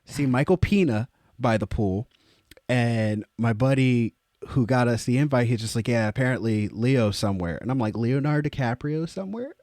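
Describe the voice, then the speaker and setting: A young man on a casual podcast, spinning a story with loose swearing and leaps into high, excited quoted voices. His voice sits at an ordinary middle pitch. The sound is close and dry. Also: normal speed, dry recording. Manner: animated, jumps into high exclaimed quotes, swears freely. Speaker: podcast co-host.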